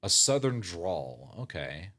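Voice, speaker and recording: A man's voice: low voice, big pitch swings, slow pace, fairly bright tone, slight background noise. A man streaming a game, chatting casually, laughing often and reading game text aloud. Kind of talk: casual gaming stream commentary.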